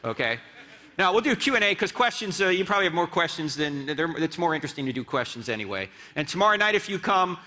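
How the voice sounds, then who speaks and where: A man delivers a guest lecture in a church sanctuary, his fairly high voice swooping through a wide, animated range. His tone is bright and forceful as he quizzes the crowd and jokes with them. Long hall reverb trails after each phrase. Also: fast. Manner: animated, asks the crowd rhetorical questions, joking asides. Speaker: guest speaker and apologist. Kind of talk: lively church lecture with audience banter.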